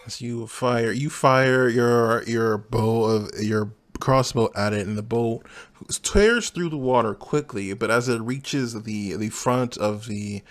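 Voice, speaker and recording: A man running a tabletop game as game master, describing scenes in an unhurried way. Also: medium pitch.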